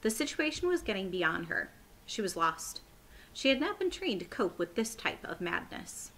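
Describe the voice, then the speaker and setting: A woman teacher reading a chapter book aloud to children in a friendly, clear way. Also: medium pitch, sing-song, moderate pace, a bit bright, slight background noise, poor audio. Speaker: elementary school teacher.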